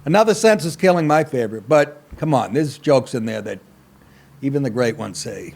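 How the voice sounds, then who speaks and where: A man's voice: mid-range voice, expressive, moderate pace, gravelly, darkish tone. A middle-aged man hosting a comedy podcast, ranting in a crude, sarcastic, blunt way with constant swearing. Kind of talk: profane comedic rant.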